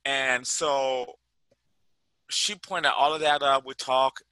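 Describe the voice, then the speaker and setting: Sharp-voiced man telling a story. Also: mid-range voice, slow pace, smooth, dry recording, rough recording. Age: 40s. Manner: animated, chatty, sprinkles "like", quotes people as he tells it. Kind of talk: personal storytelling monologue.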